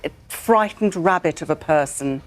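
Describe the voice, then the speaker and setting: A woman's voice: low-pitched, moderate pace. An older Scottish woman, a former newsreader, chatting on a studio sofa with self-deprecating stories. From Scotland. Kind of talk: casual studio chat.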